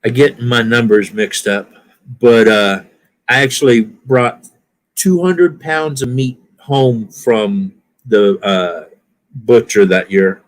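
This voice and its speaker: Slow-talking older man, mixed Southern twang. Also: medium pitch, animated. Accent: mixed Southern US and Californian. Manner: rambling, self-correcting, easygoing. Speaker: viewer chatting on a live stream. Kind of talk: casual chat.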